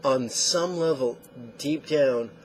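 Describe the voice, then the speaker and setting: A man teaching meditation, who tells lively stories and acts out the quotes. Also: mid-range voice, slow pace, a little hiss or hum. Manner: animated storyteller acting out quotes. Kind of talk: spoken meditation lesson.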